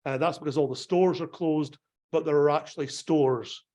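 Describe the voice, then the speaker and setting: A male pastor giving a relaxed, conversational slide talk, often pausing with fillers and correcting himself. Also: a little high. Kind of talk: illustrated travel talk.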